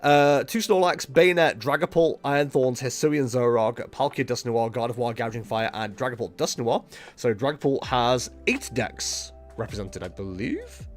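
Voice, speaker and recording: A man's voice: mid-range voice, animated, moderate pace, faint music behind. A man at home streaming a card game, chatting casually in a rambling, self-mocking way. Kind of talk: casual live-stream commentary.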